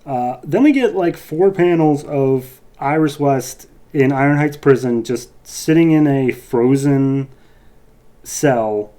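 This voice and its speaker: A man's voice: mid-range voice, slow, mellow. A man who reviews comic books, giving a loose, rambling podcast recap full of asides.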